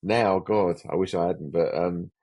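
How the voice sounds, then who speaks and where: Deep husky older man. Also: steady tone, a little slow, mellow, no echo. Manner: rambling anecdotal storyteller, frequent restarts. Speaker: special effects veteran, guest. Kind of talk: casual podcast interview.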